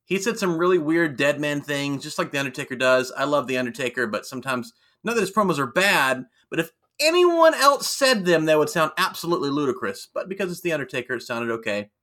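A man co-hosting a casual podcast, recapping wrestling with quick jokey asides. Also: fairly high pitch, very animated, sharp tone. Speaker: podcast co-host.

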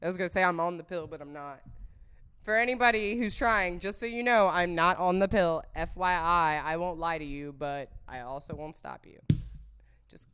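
A woman's voice: on the low side, normal speed, a bit bright, smooth. A young woman chatting casually to her viewers, blunt and crude, swearing a lot and joking about herself. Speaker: solo vlogger. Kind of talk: casual monologue.

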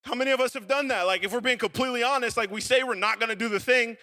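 A young male youth pastor with a high, bright voice delivers his sermon as a loose, joking story. He tells it with plenty of filler words and an animated, conversational energy. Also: racing.

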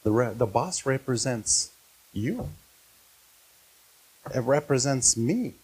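Earnest, slow-speaking man preaching. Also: medium pitch, lively intonation, darkish tone, breathy edge. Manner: earnest, questioning the listeners. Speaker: pastor. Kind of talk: sermon.

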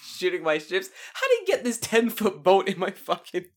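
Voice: mid-range voice, wildly swooping pitch, normal speed, pitched above the performer's own voice. A podcast co-host voicing an exasperated tourist boatman who swears and rants about a pirate who keeps sinking his ships. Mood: annoyed.

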